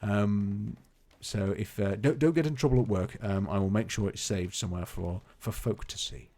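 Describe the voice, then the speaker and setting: A man's voice: on the low side, normal speed, warm tone. A man streaming a colony game, rambling casually and chatting to his characters and viewers. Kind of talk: casual live gameplay commentary.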